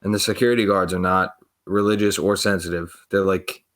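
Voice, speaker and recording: Lowish-voiced man telling rambling stories. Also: fairly even intonation, a little fast, fairly bright tone. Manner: profane, rambling, acts out quoted voices. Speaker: podcast co-host. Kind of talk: casual storytelling.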